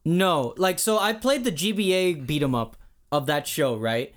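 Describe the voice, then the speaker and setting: A young man co-hosts a podcast, talking in a quick, excited ramble. He swears freely and trips over his words. His voice sits a little higher than most men's. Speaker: podcast co-host. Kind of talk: casual chat.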